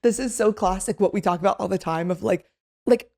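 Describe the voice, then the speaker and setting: A young woman co-hosting a podcast, telling a story in a casual chat, animated, acting out quotes, with lots of "like". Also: medium pitch, a little fast, gravelly. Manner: animated, acts out quotes, filler "like". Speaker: podcast co-host.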